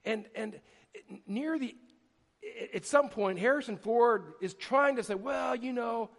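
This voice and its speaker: In the echo of a church sanctuary, a middle-aged man serving as pastor tells stories during his sermon, animated and full of restarts. He has a high voice and takes his time.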